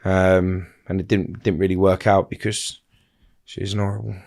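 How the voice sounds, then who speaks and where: A man speaks in a somewhat low register as an interview guest. His telling is loose and halting, full of fillers and false starts as he works through his memories. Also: level tone, vocal fry, darkish tone. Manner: rambling, halting, many fillers and restarts. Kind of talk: casual storytelling interview.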